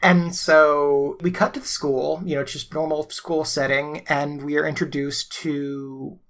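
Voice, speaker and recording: Chatty podcast co-host, mid-pitched voice. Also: flat delivery, a little slow, a bit bright. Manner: chatty, many fillers and laughs. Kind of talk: casual podcast discussion.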